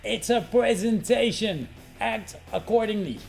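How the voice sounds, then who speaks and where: A middle-aged man coaching on presentations in a brash, animated vlog style, swearing freely for emphasis. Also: high voice, unhurried, gravelly. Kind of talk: energetic talking-head vlog. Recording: faint guitar music underneath.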